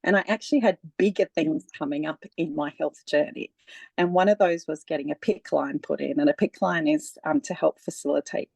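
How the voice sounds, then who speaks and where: A woman speaking as a guest in a relaxed, conversational personal account, with frequent laughs and many fillers. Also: low-pitched, creaky, husky, dry recording.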